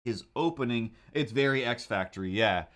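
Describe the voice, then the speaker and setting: A man's voice: medium pitch, expressive, normal speed, a bit bright. A man hosting a drawing livestream, chatting casually in a rambling, sarcastic way with frequent restarts. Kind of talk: casual chat.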